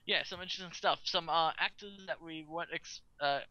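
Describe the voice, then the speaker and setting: Bright, halting man reading podcast news. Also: a little high, muffled recording. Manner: halting, full of ums and uhs, laughs often. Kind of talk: casual podcast chat.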